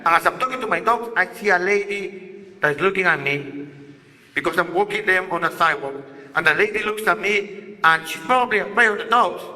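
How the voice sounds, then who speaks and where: A man from Guatemala, a native Spanish speaker, telling a story on a festival stage in an expressive, animated way. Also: sits high, fairly quick. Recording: echoey hall reverb.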